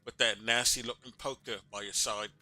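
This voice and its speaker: Reading game dialogue aloud, a man voices a pair of scrappy male bug roach keepers in a put-on Cockney accent, gruff, slangy and wary. His voice is medium-pitched, steady, brisk and bright, with a forceful tone.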